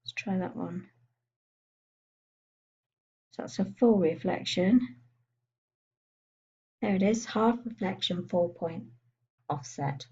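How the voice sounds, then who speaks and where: A woman giving a chatty software tutorial, thinking aloud as she clicks through menus. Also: medium pitch, slow, long pauses, breathy edge, dull audio. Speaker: computer skills tutor. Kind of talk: screen-recorded software tutorial.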